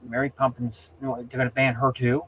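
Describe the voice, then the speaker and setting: Male streamer, casual chat, mid-range pitch, rambling, easily exasperated. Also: flat delivery, a little fast, a bit bright, a little hiss or hum. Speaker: livestream host.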